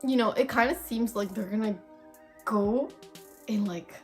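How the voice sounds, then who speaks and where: A woman's voice: on the high side, a little slow. A young woman vlogger telling a story in casual, dramatic chat, swearing freely. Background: faint background music.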